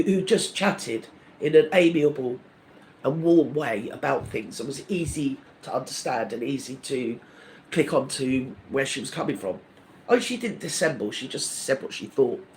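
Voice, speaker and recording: A man's voice: mid-range voice, darkish tone, slight background noise. A man hosting a live stream, ranting in a rambling, indignant, gossipy way with many restarts.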